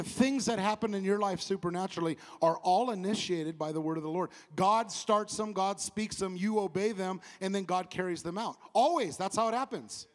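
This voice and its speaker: High-voiced Southern pastor preaching. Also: male voice, in a large hall. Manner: animated, laughs at himself, call-and-response with the congregation. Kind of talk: sermon.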